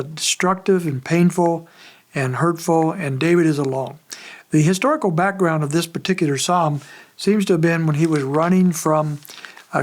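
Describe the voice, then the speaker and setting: Higher-pitched male pastor, conversational, unhurried expository sermon. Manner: conversational, measured preaching with frequent pauses.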